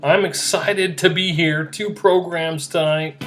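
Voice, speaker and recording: Male podcast host, slightly high voice, excitable and self-mocking, soft guitar underneath. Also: normal speed, few pauses. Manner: excitable, repetitive, self-deprecating. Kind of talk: rambling solo podcast monologue.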